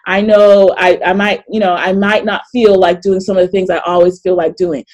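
A middle-aged woman hosting a live online workshop over a video call, chatty and animated, often laughing and reading chat comments aloud. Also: medium pitch, moderate pace. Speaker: coach and webinar host.

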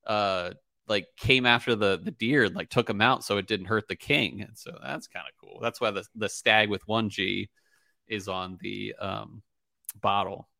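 A man's voice: lowish voice, moderate pace, creaky, sharp tone, no echo, clean studio sound. A young man hosting a casual podcast chat, rambling with lots of fillers and easy laughter. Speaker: podcast host.

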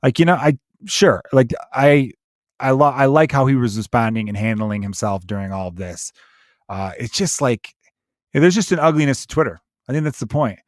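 A man's voice: medium pitch, normal speed, no room sound. Profane ranting man, dry close sound. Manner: profane, ranty, digressive. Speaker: comedian. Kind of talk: ranting podcast monologue.

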